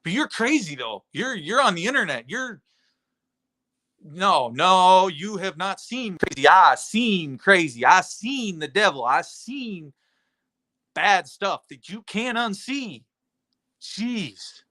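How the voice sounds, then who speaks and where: A man's voice: high voice, big pitch swings, takes it slowly, bright, forceful tone. A man streaming on his own channel, ranting sarcastically and profanely at someone in his chat. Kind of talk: rambling rant at a chat member.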